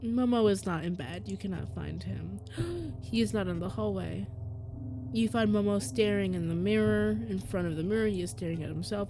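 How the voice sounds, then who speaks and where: A woman streamer reading game text aloud and reacting, animated and quick to laugh. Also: medium pitch, background noise. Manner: animated, breaks into laughter and squeals.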